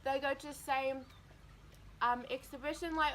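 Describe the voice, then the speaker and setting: A woman's voice: high-pitched, steady tone, moderate pace, a bit bright, slight background noise. A young woman, chatting through a long story while eating for a mukbang vlog. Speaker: vlogger.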